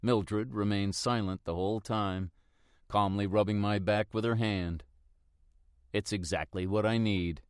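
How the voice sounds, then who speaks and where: A man narrating a first-person mystery audiobook in a steady, reflective manner. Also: fairly low pitch, unhurried, clear, resonant tone, dry recording, clean studio sound.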